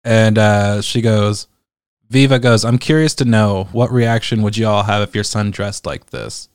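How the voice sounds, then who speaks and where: A man's voice: lowish voice, measured pace, smooth, no room sound, clean studio sound. A man reading online comments aloud and reacting with profane, exasperated, sarcastic commentary. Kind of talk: casual ranting commentary.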